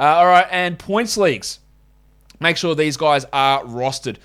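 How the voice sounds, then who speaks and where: A man's voice: on the high side, moderate pace, a bit bright, clear, resonant tone. A man with an Australian accent hosting a podcast, giving casual, blunt and opinionated sports analysis and swearing now and then. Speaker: podcast host.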